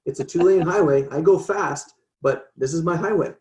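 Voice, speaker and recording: A podcast guest talking in a casual, emphatic way, quick to agree and build on points. The voice sounds roomy, with clear echo from the space around the mic. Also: mid-range voice, a little mellow. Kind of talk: casual chat.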